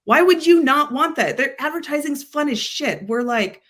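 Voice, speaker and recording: A woman's voice: sits high, animated, moderate pace, fairly bright tone. A woman guest on an interview chat, talking with rambling enthusiasm and plenty of fillers. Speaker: agency guest.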